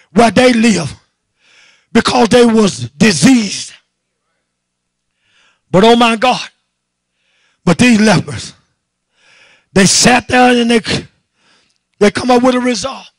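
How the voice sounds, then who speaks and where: High gravelly preacher, fervent. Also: male voice, unhurried, long pauses, no echo. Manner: fervent shouted preaching with repeated "my God" refrains; calls on the congregation to answer back. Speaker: pastor. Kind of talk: sermon.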